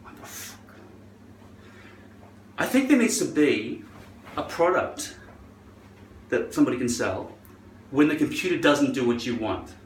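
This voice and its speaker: A man's voice: mid-range voice, very animated, moderate pace, long pauses, slight background noise. A man talking in a put-on Scottish accent, rambling and joking with a lot of swearing while he gives a hairpiece tutorial at home. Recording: roomy echo.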